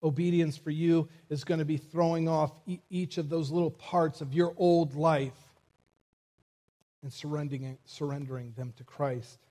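A man preaching a sermon as a church pastor, reading scripture and speaking to his congregation in a measured way. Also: fairly high pitch, steady tone, mellow. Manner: preaching with rising intensity, measured pacing.

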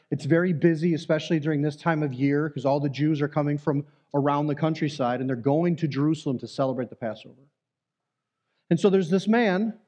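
A man's voice: a little high, mellow, muffled recording. A man, a church elder, giving an earnest, conversational sermon with some fillers and restarts.

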